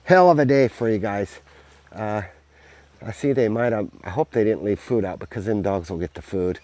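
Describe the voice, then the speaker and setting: A man's voice: on the low side, moderate pace, darkish tone, dry recording. A man walking his farm outdoors, rambling in an upbeat, sweary, casual vlog to a handheld camera. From United States. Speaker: vlogger, farm owner.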